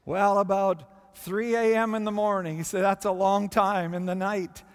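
A man preaching a sermon with expressive delivery and dramatic pauses. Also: sits high, clear, resonant tone. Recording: long hall reverb.

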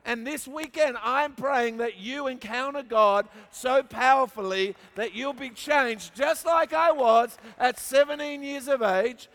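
High-voiced Australian preacher in a reverberant hall. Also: male voice, a little slow, few pauses, fairly bright tone. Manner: storytelling with humor, emphatic repetition. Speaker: pastor. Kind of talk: sermon.

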